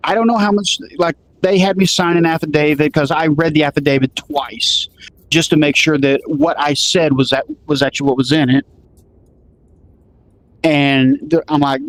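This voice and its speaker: A man's voice: on the high side, moderate pace, a little hiss or hum, rough recording. A man telling a story casually, acting out what each person said with lots of "he goes" and "I'm like". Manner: acts out quoted dialogue, lots of "I'm like" and "he goes".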